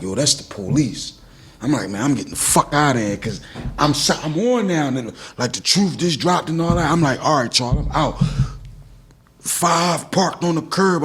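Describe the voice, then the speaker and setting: A man's voice: a little high, breathy edge. A man from Philadelphia telling stories in a casual chat and acting out what people said. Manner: animated storytelling, acting out quotes. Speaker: guest rapper.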